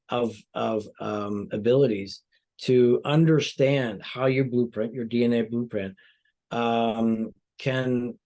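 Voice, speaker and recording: A man's voice: mid-range voice, warm tone. A male plastic surgeon giving explanatory interview answers with frequent "you know" fillers.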